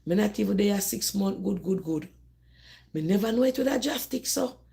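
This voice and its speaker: A woman's voice: medium pitch, lively intonation, normal speed, creaky, mellow. A middle-aged Jamaican woman hosts a casual live stream from her phone. She speaks with a strong Jamaican accent and talks directly to her viewers. She often repeats words and restarts her sentences as she goes. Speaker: host of a live call-in discussion.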